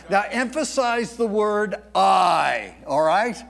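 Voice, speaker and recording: A man preaching a sermon, leading the congregation in reciting lines back to him with deliberate, emphatic phrasing. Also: high-pitched, animated, vocal fry, fairly bright tone. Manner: leads the congregation in call-and-response recitation. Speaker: pastor.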